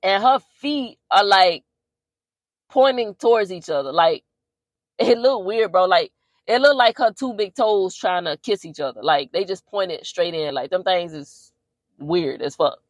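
A woman podcast host tells the plot of a movie in casual, profane slang. Her voice is on the low side. The recording is dry and close. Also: a little slow, dry recording. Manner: slangy, profane, animated storyteller.

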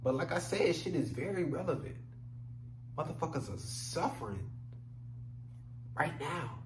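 A man's voice: on the high side, expressive, unhurried. A man rambles through a solo podcast monologue. His talk is loose and profane, full of "you know what I'm saying". The room is echoey and a faint hum sits underneath. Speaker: podcast host.

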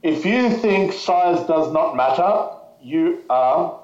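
A man's voice: a little high, expressive, takes it slowly, darkish tone. A man speaking frankly as a podcast guest, rambling with fillers and restarts. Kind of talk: casual conversation. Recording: echoey, slightly dull audio.

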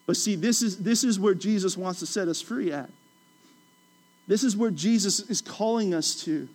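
A man's voice: high voice, moderate pace. A man preaching a sermon, talking in a conversational way, repeating phrases for emphasis and acting out voices of biblical figures. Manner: animated, acts out playful voices of biblical figures. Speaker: pastor.

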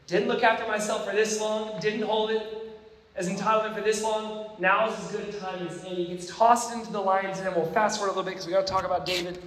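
A man preaching a sermon, telling stories in an animated way with laughing asides. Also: high voice. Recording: echoey hall with long reverb.

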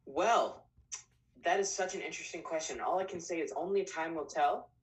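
A man's voice: fairly high pitch, normal speed, lightly acted. A man playing a young cat-folk pilot who talks eagerly, with lots of fillers, over a video call. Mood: earnest. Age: 20s. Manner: eager, chatty, full of fillers. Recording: distant video-call audio.

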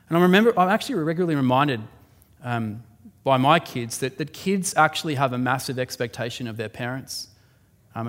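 A man's voice: mid-range voice, fairly bright tone. A man preaching a sermon and leading a closing prayer, talking in an earnest, conversational way with fillers and restarts. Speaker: pastor. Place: church hall. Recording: long hall reverb.

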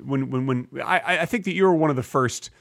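A man's voice: fairly high pitch, quick pace, fairly bright tone, no echo, studio quality. A man co-hosting a comedy podcast in casual chat, joking with a playful, mock-indignant manner. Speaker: podcast co-host.

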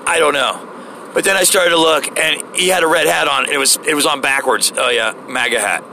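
A man tells a story in an animated, profane rant, rambling and restarting as he goes. His voice is gravelly and bright. He sits in a car with faint traffic noise behind him. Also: a little high, moderate pace. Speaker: vlogger. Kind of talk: casual ranting storytelling.

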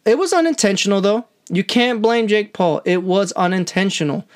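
A woman giving amateur live reaction commentary on a boxing match, excitable and slangy, often talking straight to the fighters. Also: mid-range voice, normal speed. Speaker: channel host, amateur commentator.

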